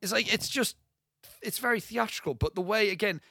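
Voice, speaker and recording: A young man co-hosting a podcast, talking casually and excitedly about a film, rambling and swearing freely. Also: high-pitched, brisk, gravelly, husky, no room sound, studio quality. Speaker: podcast co-host.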